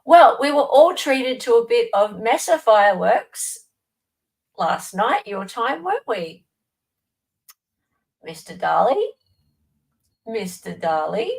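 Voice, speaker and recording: A woman's voice: a little high, very animated, measured pace, creaky, pauses often, poor audio. Chatty Australian woman live-streaming. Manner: chatty, answers viewer comments by name. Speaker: livestream host. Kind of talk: casual live-stream chat.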